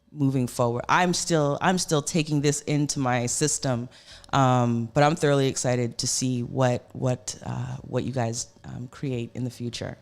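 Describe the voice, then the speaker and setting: A radio host in a studio, talking to guests in a loose, effusive way. The speech wanders and is full of fillers, at a middling pitch. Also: creaky. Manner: effusive, rambling, lots of fillers. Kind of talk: casual radio interview.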